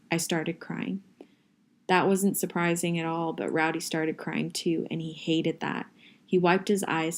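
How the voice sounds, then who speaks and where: A woman reading a novel aloud in a steady, first-person audiobook style. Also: on the low side. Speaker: reader.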